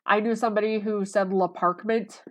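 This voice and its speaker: A woman's voice: mid-range voice, moderate pace. A woman talking casually to the camera in a rambling, conversational way, full of fillers. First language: English. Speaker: vlogger.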